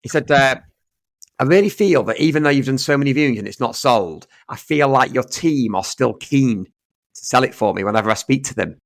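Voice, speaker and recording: A man at an ordinary mid pitch, chatting on a podcast about his work as an estate agent. He tells his stories in a lively way and acts out what each person said. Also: a little fast, no room sound. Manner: storytelling, acting out both sides of conversations. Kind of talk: casual podcast chat.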